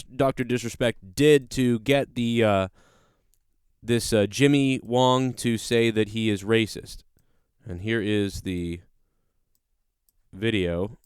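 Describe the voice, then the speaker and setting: Man, podcast host, casual rant, blunt and profane, clear resonant voice, dry close sound. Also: mid-range voice, darkish tone, no room sound.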